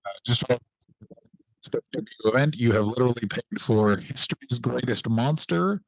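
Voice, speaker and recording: A man's voice: mid-range voice, animated, moderate pace, vocal fry, dry recording. A man co-hosting a casual comedy podcast, riffing sarcastically and swearing freely. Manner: profane, sarcastic riffing with mock-quoted voices. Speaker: podcast co-host.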